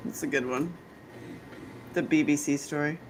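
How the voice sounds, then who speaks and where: A podcast host from North Carolina, this woman has a deep voice with a steady tone and moderate pace, and there's a little hiss or hum. She tells candid, bawdy stories in casual chat and laughs often.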